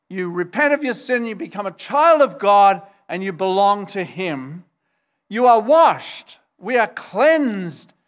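Male pastor, higher-pitched voice, unhurried emphatic sermon delivery. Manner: emphatic, retells scripture with acted quotes.

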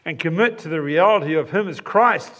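A man's voice: fairly high pitch, fairly quick, a bit bright. A man preaching a sermon, explaining a passage with emphatic, repeated phrases.

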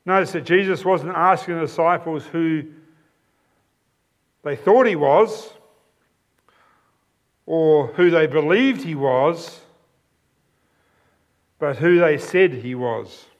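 A man's voice: fairly high pitch, takes it slowly, long pauses, dull audio. A man preaching a sermon, explaining a passage with emphatic, repeated phrases.

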